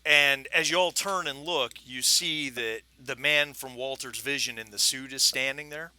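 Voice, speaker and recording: A man's voice: mid-range voice, normal speed, bright, forceful tone, no room sound. A man narrating a tabletop game as game master, chatty with many fillers and restarts. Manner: chatty, frequent fillers and restarts, laughs often.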